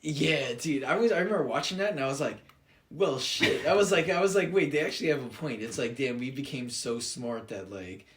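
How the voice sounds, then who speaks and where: A man's voice: mid-range voice, lively intonation, fairly quick, fairly bright tone, a little hiss or hum. A young man co-hosting a casual podcast, rambling with lots of fillers and swearing. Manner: rambling, filler-heavy, profane. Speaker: podcast co-host. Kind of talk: casual chat.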